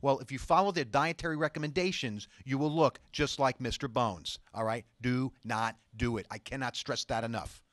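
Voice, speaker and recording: A man hosting a studio talk show as a doctor, speaking with emphatic insistence. His voice sits at an ordinary middle pitch, and the sound is close and dry. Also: normal speed, hardly any pauses, fairly bright tone, no room sound. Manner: emphatic and insistent, reads viewer emails aloud.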